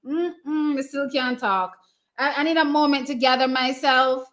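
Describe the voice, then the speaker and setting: A Jamaican woman with a high, bright voice hosts a livestream watch party. She cheers the racing on in emotional, excitable live commentary, then drifts into casual chat with her viewers. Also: a little slow.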